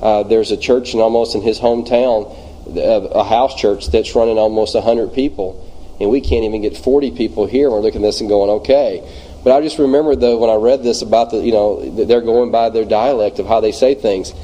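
Mellow-voiced Louisiana man teaching Bible study. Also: on the low side, fairly even intonation, rough recording. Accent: Louisiana Southern US. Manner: halting, many fillers and restarts. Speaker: church minister leading a Bible study.

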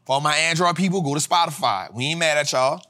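Energetic, fiery man preaching money lessons. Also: a little high, fast talker. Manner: preacher-like cadence, rising to shouts; casual slang, addresses audience as y'all. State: tired after a flight. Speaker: financial education host. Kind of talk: motivational livestream teaching.

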